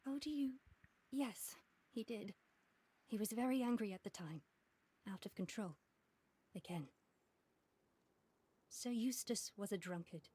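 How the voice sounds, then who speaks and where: A weary, unhappy noblewoman in a video game. She speaks in a resigned, bitter way, with a breathy, husky voice of middling pitch. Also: measured pace, long pauses, mellow.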